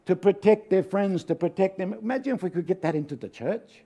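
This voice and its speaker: An older man with an Australian accent preaches as a guest speaker, mixing homely stories with humor. His voice sits high for a man yet sounds warm and mellow. He keeps asking the congregation for an amen. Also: brisk, slightly rough, highs cut off. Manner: folksy, humorous, calls out for amens. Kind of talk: sermon with storytelling.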